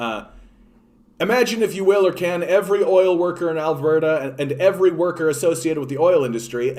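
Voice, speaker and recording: A man with a Canadian accent, a political streamer, ranting with heavy profanity and sarcasm and answering a live chat. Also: fairly high pitch. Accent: Canadian English. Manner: profane, sarcastic, reads articles aloud mockingly.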